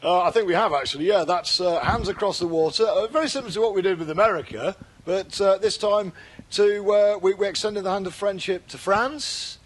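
High-voiced British man, deadpan rambling. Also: fairly quick. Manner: deadpan, rambling with many fillers and restarts. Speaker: podcast co-host. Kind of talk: casual comedic podcast chat.

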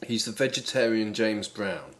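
A man's voice: lowish voice, normal speed, fairly bright tone. A man playing a quiz contestant in comedy banter, dry and nitpicking about the questions.

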